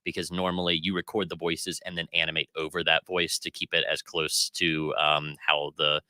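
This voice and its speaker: A man with a very low voice that still cuts through with a bright, forceful edge. He co-hosts a casual pop culture podcast and critiques at length, opinionated and full of fillers. The sound is dry and close. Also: level tone, normal speed, no room sound. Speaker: podcast co-host.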